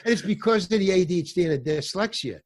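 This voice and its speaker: A man's voice: sits high, quick pace. Older man telling stories with acted voices. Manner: animated, acts out voices in anecdotes, many fillers and restarts. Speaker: guest actor and comedian. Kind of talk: storytelling in a casual interview.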